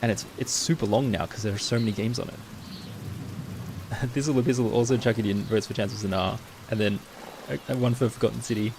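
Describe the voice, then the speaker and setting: A man streaming live in casual chat, who talks in a chatty way and answers his viewers with quick asides. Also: on the low side. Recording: steady rain noise behind.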